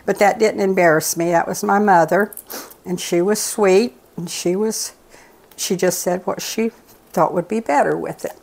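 A woman's voice: mid-range voice, steady tone, moderate pace, vocal fry, darkish tone. An older woman telling rambling, folksy stories in a casual, chatty way while she cooks. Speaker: cooking show regular, host's mother. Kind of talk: casual storytelling while cooking.

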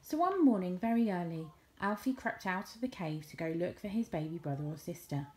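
A woman reading a children's picture book aloud, with expressive storytelling. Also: fairly low pitch, a little fast, slight background noise. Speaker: storybook reader.

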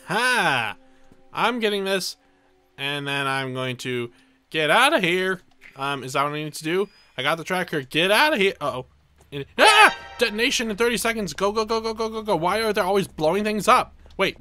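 Young male gameplay commentator, bright and higher-pitched, jumpy and theatrical. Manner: excitable, dramatic self-narration. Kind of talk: let's play commentary.

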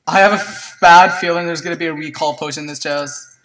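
A gameplay commentator chatting to viewers in a let's play, excitable and prone to yelps and shrieks at surprises. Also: medium pitch, fast, recorded from a distance, rough recording. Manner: chatty, talks to viewers as "guys".

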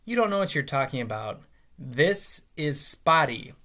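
A man's voice: a little high, sing-song, unhurried, bright, forceful tone, heavily acted. A man voicing a stubborn boy who dismissively insists the dog is his.

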